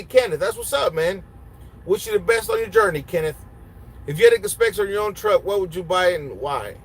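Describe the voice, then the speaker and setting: In a high voice with a breathy edge, the young Honduran trucker and trainer reads chat aloud during a casual live Q&A, answering bluntly and switching between English and Spanish in his Honduran Spanish accent. The low-quality recording is full of loud road and engine hum.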